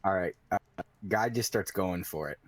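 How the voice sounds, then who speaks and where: A man playing a tabletop game, talking in a relaxed, hesitant way. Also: low-pitched, moderate pace, no room sound. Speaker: player. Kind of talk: casual tabletop game play.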